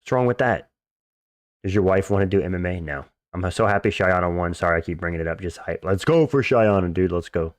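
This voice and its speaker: A man's voice: sits low, a little fast, dry recording, clean studio sound. A man live-streaming fights, chatting casually, reading out chat questions and answering them bluntly with crude jokes. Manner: blunt, joking, crude and dismissive.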